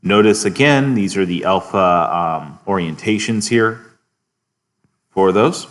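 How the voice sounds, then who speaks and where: A man with a deep voice teaches a biochemistry class at a slow pace. He's relaxed, checks in with students often, and chuckles at his own asides.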